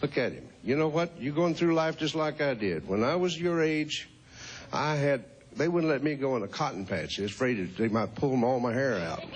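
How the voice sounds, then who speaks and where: A man's voice: medium pitch, animated, moderate pace. A man in his fifties hosting a show, chatting with children in a folksy, teasing way and chuckling often. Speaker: host. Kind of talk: casual chat with children.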